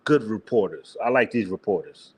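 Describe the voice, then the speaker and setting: A man's voice: fairly low pitch, expressive, normal speed, husky. A man hosting a reaction commentary, talking emphatically and often breaking into mocking laughter. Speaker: host.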